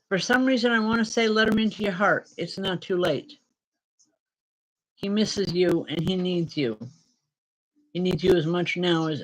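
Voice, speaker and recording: A woman spiritual medium giving live-stream spirit readings to viewers, speaking in a gentle, reassuring way with pauses and fillers. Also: lowish voice, rough recording.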